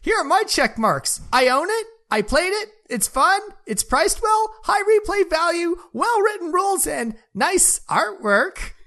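A woman's voice: extremely high pitch, sing-song, measured pace, hardly any pauses, fairly bright tone, full character voice. A woman putting on a Welsh accent, playing a chipper, crude woman who reviews games and is rowdy and gleeful. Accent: put-on Welsh. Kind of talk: comic reading of a review in character.

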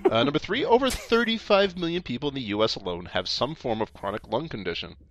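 A man reads sales copy aloud in a casual comedic tone, tripping over names and breaking into laughter. His pitch swings widely as he goes. The sound is dry and close. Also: animated, fast, no echo. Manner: stumbling, laughing reader. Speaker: podcast co-host reading product copy.

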